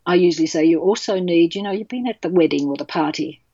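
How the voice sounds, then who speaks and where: A woman's voice: lowish voice, fast, warm tone, no echo, muffled recording. A woman, speaking passionately and bluntly as a childbirth educator in an interview. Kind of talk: podcast interview.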